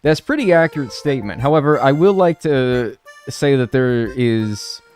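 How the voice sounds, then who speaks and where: A man's voice: mid-range voice, animated, moderate pace, a little mellow, soft background music. A man in his twenties, a game streamer chatting casually with live viewers in a rambling, joking way. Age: 20s. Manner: rambling, joking, full of filler "like".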